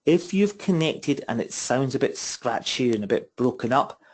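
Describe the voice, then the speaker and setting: A man's voice: mid-range voice, lively intonation, normal speed, slightly rough. A man giving a property investment webinar as mentor, chatty and repetitive, asking his listeners rhetorical questions over a computer mic. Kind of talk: webinar presentation. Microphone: computer mic on a webinar call.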